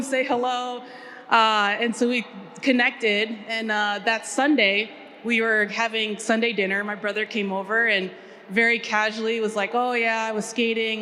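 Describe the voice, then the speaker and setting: Chatty panelist lady from minnesota, bright voice, lots of ums, bit of noise. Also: mid-range voice. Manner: chatty, animated storytelling with many fillers. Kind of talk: panel discussion storytelling.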